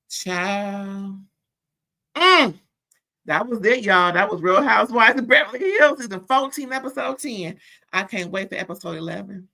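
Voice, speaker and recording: Animated woman recapping reality TV. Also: mid-range voice. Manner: animated storytelling with playful impressions, southern slang. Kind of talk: casual recap chat.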